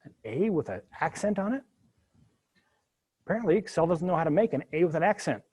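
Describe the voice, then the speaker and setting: In a fairly high, slightly rough voice that runs a little fast, a university instructor gives a live spreadsheet coding lecture. He's lively, cracking jokes in between the steps of his code.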